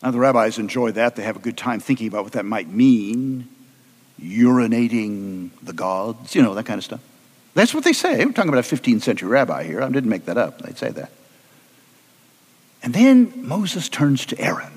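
A man preaching a sermon as an animated, humorous storyteller with a conversational delivery. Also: mid-range voice, normal speed, husky, big-room sound.

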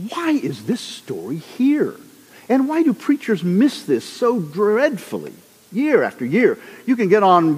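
A man preaching a sermon, animated and acting out the people in his stories. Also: a little high, husky, in a large hall. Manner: animated, acts out characters in the stories.

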